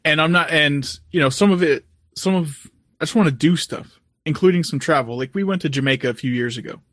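A man in casual chat, calmly thinking aloud about what he wants to do in life. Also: on the high side, fairly quick, dry recording, clean studio sound. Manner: calm and reflective, thinks aloud.

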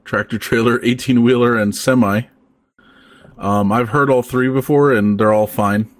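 A man hosting a casual podcast chat, talking in a relaxed, rambling way with plenty of fillers. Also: mid-range voice, moderate pace. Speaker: podcast host.

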